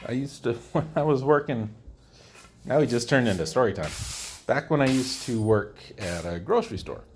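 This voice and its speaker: A slight hiss or hum sits under this man's mid-range, lively voice, which moves at a moderate pace. Hosting a DIY show, he talks frankly and casually while building, drifts into stories, and jokes at his own expense.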